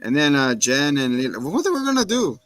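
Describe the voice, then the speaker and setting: A man's voice: a little high, sing-song, brisk, fairly bright tone, no echo. A man co-hosting a casual chat, animatedly retelling a TV episode and acting out the characters' lines. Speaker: podcast co-host recapping a TV episode.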